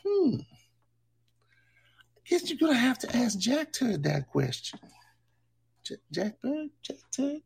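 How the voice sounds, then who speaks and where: A man voicing a brash, campy woman producer in a high put-on voice, teasing the chat on a livestream. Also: wildly swooping pitch, slow pace, vocal fry, pauses often, darkish tone, slightly rough, full character voice. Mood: campy sassy. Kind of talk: livestream character bit.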